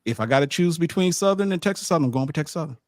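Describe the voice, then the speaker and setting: Animated man telling a sports-trip story. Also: a little high, racing, no echo, clean studio sound. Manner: animated, stammering restarts, lively asides. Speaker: publisher recounting a game trip. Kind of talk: casual storytelling on a sports show.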